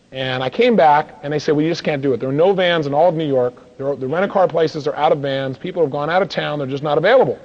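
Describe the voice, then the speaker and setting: A man speaking quickly in a slightly high voice, telling a motivational story and acting out each line of dialogue with bursts of energy. The recording sounds dull and lo-fi. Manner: animated, acts out dialogue in his stories. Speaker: seminar speaker.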